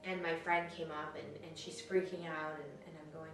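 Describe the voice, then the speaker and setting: A young woman from Canada with a low voice recounts her own story in a loose, chatty way and slips into quoted dialogue. The recording sounds very echoey and picked up from a distance, with faint music underneath. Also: fairly even intonation, fairly quick. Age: 20s. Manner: casual, conversational, many fillers and quoted dialogue. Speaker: interviewee. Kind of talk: personal story told to camera.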